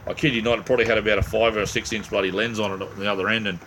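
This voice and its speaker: Chatty Australian man, low voice. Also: level tone, very fast, fairly bright tone, slight background noise. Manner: rambling, chatty, jokey, with many restarts. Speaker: livestream host. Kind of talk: casual live chat reading viewer comments.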